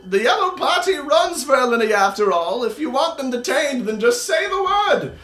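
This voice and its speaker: A man voicing a fussy, nervous elderly male wizard in a tabletop game, speaking in a shrill, exclamatory way. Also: very animated, moderate pace, fairly bright tone, full character voice. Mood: pleading. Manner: shrill, exclamatory, high-pitched. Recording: roomy echo.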